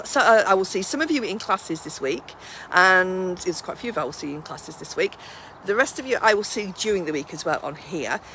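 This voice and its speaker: A woman's voice: medium pitch, pushed and bright, slight background noise. A woman, a mindfulness class instructor, chatting casually on a live stream from home on a handheld phone and cooing in baby talk at her dogs.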